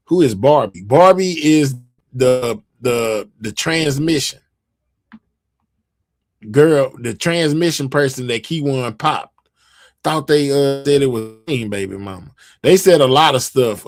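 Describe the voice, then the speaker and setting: A man of middle pitch hosts a live stream, talking loosely and reading viewer comments aloud. He rambles, restarts his sentences and leans on fillers. The sound is close and dry, with no room echo. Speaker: livestream host.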